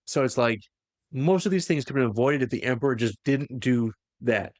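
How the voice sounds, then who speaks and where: A man's voice: mid-range voice, animated, brisk, no echo, clean studio sound. A young man co-hosting a podcast, casually retelling a story and acting out the quoted lines in funny voices. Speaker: podcast co-host.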